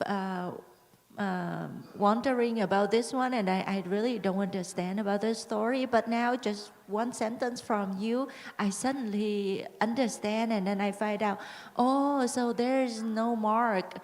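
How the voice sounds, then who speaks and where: A woman student speaking hesitantly, with halting starts, during a lecture. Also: mid-range voice, darkish tone. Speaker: student asking questions. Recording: long hall reverb.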